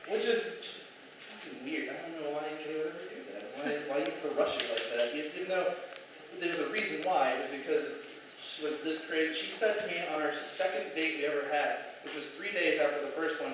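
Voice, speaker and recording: A young man performing an animated, profane stand-up set in a small club, acting out quoted dialogue. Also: on the high side. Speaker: stand-up comedian. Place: small comedy club stage. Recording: echoey, distant, noisy club recording.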